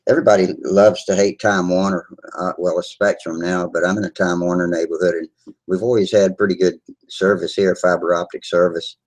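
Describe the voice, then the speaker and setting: A man hosting a live video hangout from home, talking in a relaxed, rambling way with plenty of filler words over a video call. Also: low voice, a little fast, low-quality recording. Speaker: host of a model airplane video hangout. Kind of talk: casual live chat.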